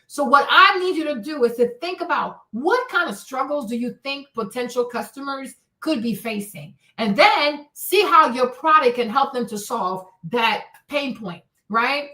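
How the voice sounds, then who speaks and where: A woman's voice: sits high, pushed and bright, echoey room. A woman hosting a commentary livestream, talking emphatically and often checking in with "right?" and "okay?". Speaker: host.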